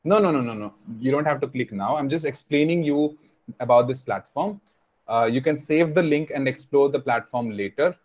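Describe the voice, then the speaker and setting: A man's voice: medium pitch, expressive, normal speed, darkish tone. Patient young man teaching on a video call. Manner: explaining patiently, repeating points, many fillers. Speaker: online class instructor.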